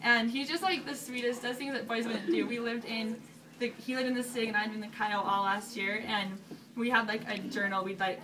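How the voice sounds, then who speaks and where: A young woman telling a story casually to an audience, bubbly and animated, laughing often. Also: on the high side, a little fast, distant mic, noisy background. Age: young adult. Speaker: newly engaged college student.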